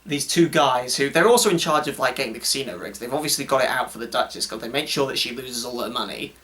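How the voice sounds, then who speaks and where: A man's voice: mid-range voice, quick pace, pushed and bright. A man co-hosting a casual chat, talking loosely, laughing often, swearing and mimicking characters. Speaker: co-host.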